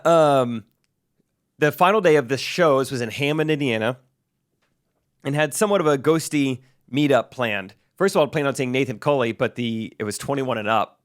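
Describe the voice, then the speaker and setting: A young man, a podcast co-host, casually telling a story and acting out the people he quotes in a higher voice. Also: moderate pace. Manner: animated, acts out quoted voices in a higher pitch.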